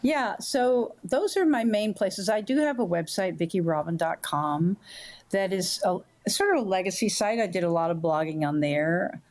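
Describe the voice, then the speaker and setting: Older woman, low-ish voice, meandering warm stories, podcast guest. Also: normal speed. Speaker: guest author. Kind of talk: podcast interview.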